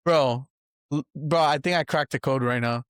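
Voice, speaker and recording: A man's voice: fairly high pitch, moderate pace, clean tone, dry recording, studio quality. A young man co-hosting a podcast, telling childhood stories in casual chat, laughing often and swearing freely. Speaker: podcast co-host.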